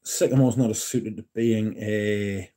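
A man hosting a casual livestream, reading and answering chat in a relaxed, yawning way. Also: on the low side, measured pace, slight background noise. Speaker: livestream host.

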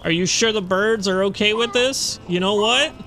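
A gamer giving casual running commentary over gameplay, chatty and swearing freely, with loud frustrated outbursts. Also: medium pitch, moderate pace, a little hiss or hum. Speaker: let's play gamer.

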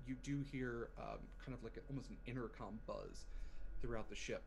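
Male game master, casual narration, medium pitch, faint background noise. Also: steady tone, a little fast, vocal fry, poor audio. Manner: casual, hesitant with fillers.

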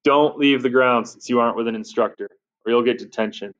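A suspicious teenage stable boy with a clipped, stern delivery, as a male audiobook reader puts him on. His voice sits at a middling pitch. The recording sounds muffled and lo-fi. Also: fairly quick, close to an everyday voice. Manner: sharp, warning.

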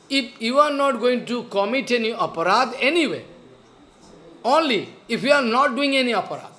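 Man, high voice, earnest sermon, repeats himself. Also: fairly bright tone. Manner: repeats phrases and restarts, slow and earnest. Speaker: spiritual teacher.

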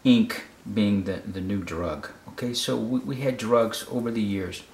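Low-voiced guy breaking down a photo, keeps going "okay?", echoey room. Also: unhurried, darkish tone. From United States. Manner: repeats words, checks in with "okay?". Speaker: photography critic. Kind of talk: casual explanatory commentary. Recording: roomy echo.

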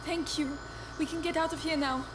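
A woman voicing a young video game heroine who protects her little brother, speaking softly and earnestly in game dialogue. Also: sits high, fairly even intonation, normal speed, noisy background, natural voice. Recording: game audio with loud music.

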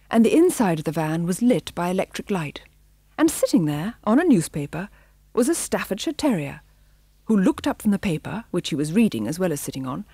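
A woman narrating a children's storybook audiobook with a measured, expressive reading. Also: on the low side, husky, no echo, studio quality.

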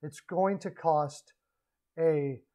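Rambling hockey vlogger man, higher voice. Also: extremely slow, low-quality recording. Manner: rambling, self-correcting, animated asides. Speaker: hockey podcaster. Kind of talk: casual solo commentary.

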